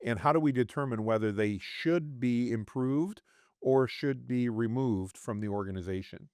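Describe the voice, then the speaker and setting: A man's voice: mid-range voice, moderate pace, darkish tone, clean tone, no room sound, clean studio sound. A man hosting a podcast interview, asking his guest questions in a friendly way. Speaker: podcast host.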